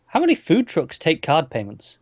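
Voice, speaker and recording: A man's voice: a little high, wildly swooping pitch, normal speed, no echo, highs cut off. A man co-hosting a podcast in casual chat, making wry, incredulous remarks. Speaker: podcast co-host.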